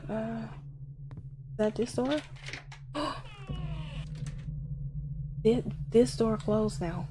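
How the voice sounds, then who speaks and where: A woman's voice: on the high side, very slow, noisy background. A woman nervously commenting on a horror game as she plays, gasping and laughing in fright. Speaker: gameplay streamer.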